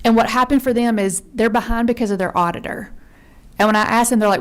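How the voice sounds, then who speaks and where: A woman's voice: a little high, quick pace. A woman from Georgia giving earnest, conversational testimony before a legislative committee as a member service consultant. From Georgia, USA. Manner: earnest, conversational, says y'all.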